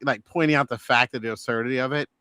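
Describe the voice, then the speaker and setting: A man's voice: mid-range voice, fairly even intonation, fast, sharp tone, clear, resonant tone, dry recording, studio quality. A middle-aged man co-hosting a podcast, enthusiastically recounting favorite movie moments. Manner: enthusiastic, acts out lines and laughs. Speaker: podcast co-host. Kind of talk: casual movie review chat.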